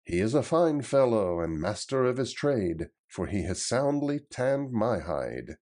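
A man's voice: medium pitch, sing-song, unhurried, darkish tone. A man voicing a proud outlaw leader who speaks in a formal, emphatic, old-fashioned way. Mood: urging.

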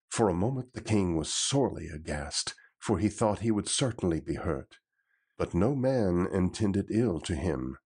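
A man reading an old adventure story aloud in a steady, even delivery. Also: deep voice, husky. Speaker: narrator.

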